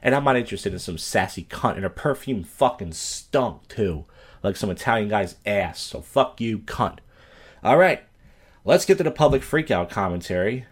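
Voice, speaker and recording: A man's voice: on the low side, animated, moderate pace, breathy edge. A man from Philadelphia hosting a podcast, telling stories and giving blunt, profane commentary. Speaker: podcast host. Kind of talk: crude ranting commentary.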